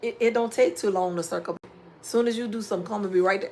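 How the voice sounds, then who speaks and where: Woman preaching life advice, animated. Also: mid-range voice, very fast, slight background noise. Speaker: home DIY vlogger. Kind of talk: casual live-stream chat reading viewer comments.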